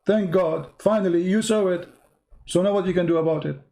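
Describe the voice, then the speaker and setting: Guy pressing a caller hard in a heated debate, mellow dark tone, pitched a bit high. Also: fairly quick, vocal fry. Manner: insistent, challenging, repeats phrases.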